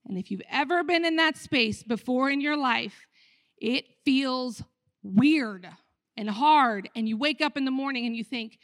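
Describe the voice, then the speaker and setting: An American woman pastor preaching a sermon, talking conversationally to the room and acting out dialogue with lively shifts in her voice. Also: high voice, unhurried, no echo, clean studio sound. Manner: animated, acts out dialogue with her voice; conversational, asks the room questions.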